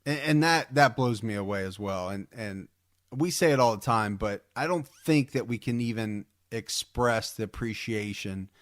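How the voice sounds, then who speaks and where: A man's voice: fairly low pitch, normal speed, fairly bright tone, dry recording. A man co-hosting a podcast in casual chat, rambling and repeating words with enthusiasm. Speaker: podcast co-host.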